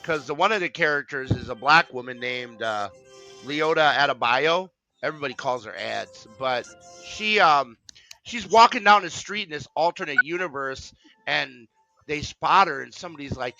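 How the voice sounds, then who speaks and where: A man's voice: a little high, animated, moderate pace, sharp tone, dull audio, soft background music. A man hosting a casual stream chat, rambling with lots of fillers and restarts. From Wisconsin. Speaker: stream host.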